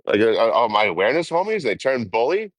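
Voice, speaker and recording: On a train trip outdoors, a young man livestreams casually, cussing and laughing as he talks with viewers. He talks fast with big swings in pitch from a medium base, captured in a dry recording.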